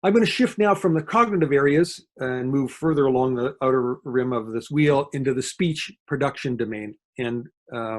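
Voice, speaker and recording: A man lectures online at a quick clip in a voice of middling pitch. He explains points one by one, often stopping to correct himself or fill a pause. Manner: fast-talking; explanatory, with frequent fillers and self-corrections. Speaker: guest lecturer on dementia communication.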